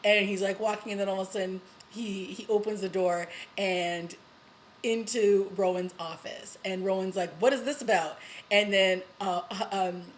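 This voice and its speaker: A woman vlogger recapping a TV episode in a casual, excited way, with lots of "you know" and little laughs. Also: mid-range voice, moderate pace, a little hiss or hum, poor audio. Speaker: TV review vlogger.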